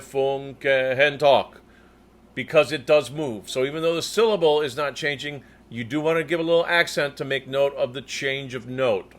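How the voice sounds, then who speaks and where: A man coaching tenors as a choir conductor, demonstrating German words slowly with crisp rolled R's between explanations. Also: on the high side, a bit bright. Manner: slow, deliberate delivery. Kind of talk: diction coaching lesson.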